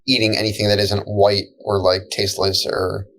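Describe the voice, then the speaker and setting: A man's voice: lowish voice, flat delivery, moderate pace, a bit bright. A man co-hosting a casual podcast chat, reacting with profane, incredulous questions. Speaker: podcast co-host.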